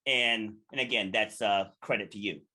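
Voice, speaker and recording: A man's voice: fairly low pitch, normal speed, pushed and bright. A man speaking as an interview guest, earnest and motivational, retelling conversations as he gives advice. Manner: earnest and motivational, acts out quoted dialogue. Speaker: podcast guest. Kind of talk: casual interview storytelling.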